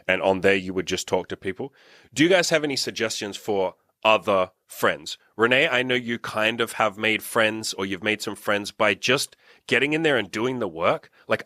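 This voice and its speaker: A man's voice: lowish voice, fairly bright tone, no echo, clean studio sound. A man hosting a casual roundtable as a dating and business coach, blunt, joking and profane.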